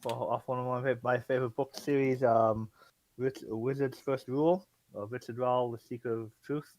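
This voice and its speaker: A man's voice: medium pitch, steady tone, moderate pace, darkish tone, dry recording, poor audio. A man serving as dungeon master who rambles and hesitates, with many fillers. His voice sits in an ordinary middle range. The sound is dry and close, with no room around it, over an online call. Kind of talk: casual chat.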